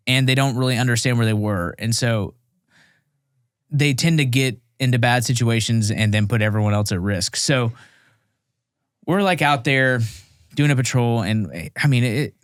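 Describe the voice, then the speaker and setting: A man's voice: medium pitch, no echo. Thirtyish guy telling war stories, jokey, acts out voices, dry studio sound. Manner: animated, self-mocking, acts out dialogue. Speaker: podcast guest, Marine veteran. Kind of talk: casual storytelling.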